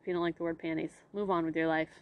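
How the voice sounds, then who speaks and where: Young female co-host, low voice, loose chatty delivery, curses casually. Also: flat delivery, rapid-fire, highs cut off, slight background noise. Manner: frank, swears freely, lots of "like". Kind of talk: casual chat.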